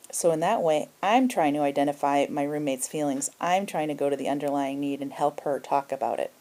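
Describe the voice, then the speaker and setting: A middle-aged woman with a low voice gives a self-help lesson. Her tone is mellow and she explains things step by step, now and then acting out example lines. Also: fairly quick, few pauses. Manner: explanatory, acts out example dialogue. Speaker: emotional health teacher.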